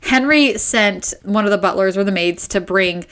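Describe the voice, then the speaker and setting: A young woman casually co-hosting a podcast, recapping a novel with lively acted-out quotes and giggles. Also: medium pitch, moderate pace. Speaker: podcast co-host. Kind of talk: casual book recap chat.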